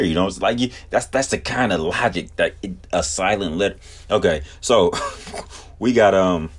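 Low-voiced man ranting for laughs. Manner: slangy, exaggerated mock outrage. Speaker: podcast host. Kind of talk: comedic solo rant.

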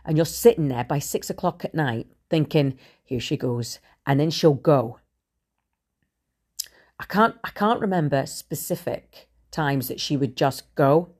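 A middle-aged woman with a notably low-pitched voice speaks candidly to her podcast listeners. Her delivery is frank and conversational, with the occasional swear word slipping in. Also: lively intonation, unhurried, darkish tone. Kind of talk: candid personal monologue.

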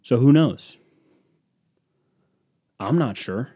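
A man's voice: mid-range voice, lively intonation, extremely slow, dark tone, slightly rough. A young man hosting a podcast, telling a profane, exasperated story in a casual solo rant. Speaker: podcast host.

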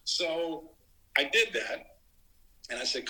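Middle-aged guy, very bright sharp voice, chatty storyteller acting out quotes, stumbles and restarts a lot. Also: mid-range voice, unhurried, low-quality recording. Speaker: guest, former basketball writer. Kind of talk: casual storytelling interview.

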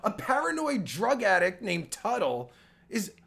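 A man rants on a live stream in a high, gravelly voice. He is sarcastic and profane, trips over his words, and swings wildly up and down in pitch. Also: huge pitch swings, unhurried, fairly bright tone. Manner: sarcastic, stammering, swears constantly. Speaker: podcast host reacting to a clip. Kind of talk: angry profane reaction commentary.

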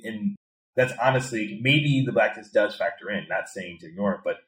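Deep-voiced thoughtful man, echoey room. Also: normal speed, fairly bright tone. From Chicago, USA. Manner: thoughtful, repeats words when building a point. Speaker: guest, American expat in Thailand. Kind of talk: reflective conversational interview. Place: indoor room in Bangkok.

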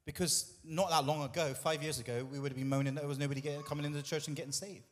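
A man's voice: a little high, very fast, in a large hall. A man pastor preaching a sermon in a church, talking conversationally, acting out quoted voices and putting questions to the congregation. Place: church hall.

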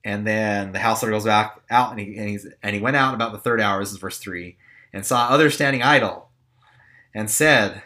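A man's voice: on the low side, fairly quick, bright, forceful tone. A young man hosting a podcast, talking candidly and ramblingly about himself with self-deprecating asides. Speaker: podcast host. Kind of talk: casual personal reflection.

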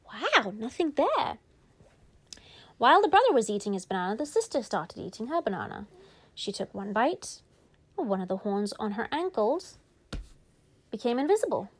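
A woman spinning an improvised bedtime story, lively and playful. She stretches words out slowly and drops into hushed whispers for the spooky bits. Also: fairly high pitch.

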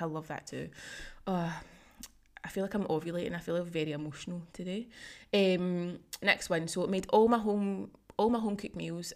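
Chatty woman, gushing and emotional. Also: lowish voice. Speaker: fitness coach and podcast host. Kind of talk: casual solo podcast, reading client feedback.

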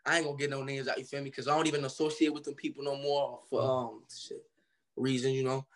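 A man's voice: mid-range voice, little pitch movement, fast talker. A young man from Cincinnati, Ohio, telling his story as a guest artist in a casual interview, loose and slangy, acting out the people he quotes.

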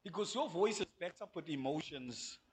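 A South African man preaching a sermon from a church pulpit, his voice sitting noticeably high for a man. He is animated, slipping into acted-out voices and laughing as he goes, speaking into a handheld mic. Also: normal speed, slight background noise. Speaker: pastor.

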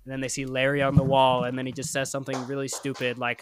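A man's voice: mid-range voice, completely flat delivery, fast, slight background noise. A young man hosting and improvising a goofy spooky story, rambling and correcting himself with jokey asides. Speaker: host and storyteller.

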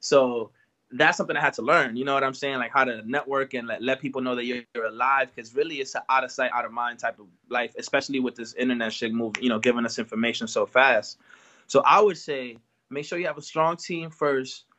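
Speaking briskly, this Washington Heights, New York rapper chats as an interview guest in a relaxed, slang-heavy way, often dropping "you know what I'm saying." His medium-pitched voice holds a steady tone and sounds pushed and bright.

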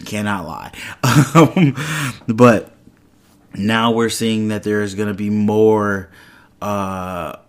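A man hosting a solo podcast in casual chat, rambling and correcting himself, excitable as he talks. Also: fairly low pitch, extremely slow, long pauses, clear, resonant tone. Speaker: podcast host. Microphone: headphones and microphone.

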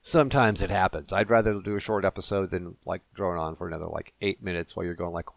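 A man's voice: deep voice, fairly even intonation, quick pace, gravelly, dry recording. A man hosting a casual solo podcast, rambling and joking at his own expense. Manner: rambling, self-deprecating and jokey. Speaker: podcast host.

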